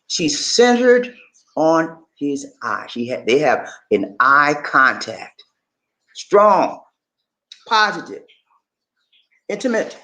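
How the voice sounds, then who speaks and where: A man hosts his channel in casual talk, his pitch swinging up and down as he speaks. He repeats himself and keeps checking in with his viewers. The sound carries a roomy echo. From Charleston, South Carolina. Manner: animated and repetitive, often checking in with listeners. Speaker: channel host.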